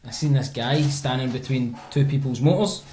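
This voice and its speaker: A Glaswegian man hosting a podcast, telling a sweary, animated story with laughs between lines. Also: mid-range voice, normal speed, echoey room, slight background noise. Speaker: podcast host. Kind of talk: casual storytelling chat.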